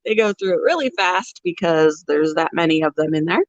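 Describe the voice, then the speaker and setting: A woman's voice: lowish voice, lively intonation, brisk, no echo. A woman hosting a casual pet vlog, chatty and laughing often as she walks around her animal cages at home. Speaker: pet channel host. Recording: dull lo-fi, dry sound.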